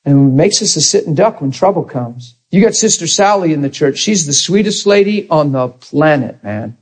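A man preaching a sermon in a conversational, animated way, acting out the people he quotes. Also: fairly high pitch, normal speed, slightly rough, rough recording.

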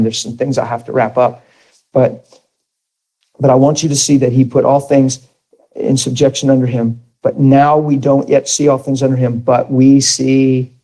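Mellow-voiced preacher telling a story. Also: male voice, medium pitch, poor audio. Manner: storytelling, earnest, asks the audience questions. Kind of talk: sermon.

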